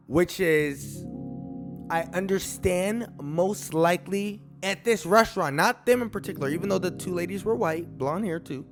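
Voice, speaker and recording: A man vlogger telling a story in a casual, animated way, with big swings in pitch and loudness. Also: vocal fry.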